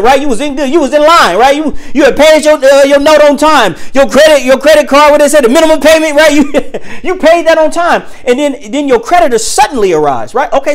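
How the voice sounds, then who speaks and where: An animated preacher whose pitch swings widely as they speak. They throw rhetorical questions at the audience in loose, everyday speech, then slow right down to stress each word of a scripture reading. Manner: rhetorical questions addressed to listeners; reads scripture slowly and emphatically.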